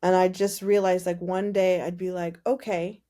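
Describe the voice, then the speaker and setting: A woman guest on a podcast, telling her faith story in casual, animated conversation and acting out the dialogue. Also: lowish voice, moderate pace. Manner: animated storytelling, many "like" fillers, acts out dialogue. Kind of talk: personal testimony in casual conversation.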